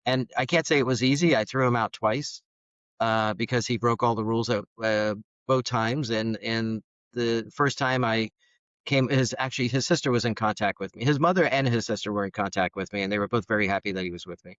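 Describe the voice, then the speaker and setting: A middle-aged man, a guest on a podcast, telling his personal story in an animated way and acting out the dialogue. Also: mid-range voice, fairly quick, no echo. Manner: animated, acts out quoted dialogue. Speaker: podcast guest, foster parent. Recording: dull, dry studio sound.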